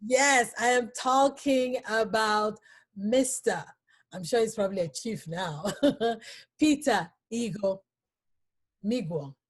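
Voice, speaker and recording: Woman, talk show host, slow pace, halting, emotional, lots of fillers. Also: a little high. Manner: halting, emotional, laughs often, many fillers. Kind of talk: emotional interview.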